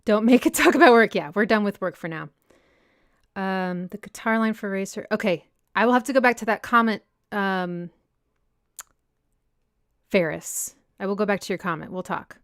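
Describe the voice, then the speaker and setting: Young woman, livestream host, chatty and smooth, close dry mic. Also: mid-range voice, normal speed, pauses often, a bit bright, dry recording. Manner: chatty, reads out viewer comments and answers them. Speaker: music analysis channel host. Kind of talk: casual livestream Q&A chat. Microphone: personal desk mic.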